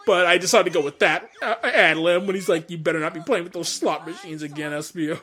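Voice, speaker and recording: A man talks through a director's commentary on his fan dub, rambling and laughing as he goes. His voice sits a bit high. He speaks close to a condenser mic. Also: fast, pushed and bright. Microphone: USB condenser mic.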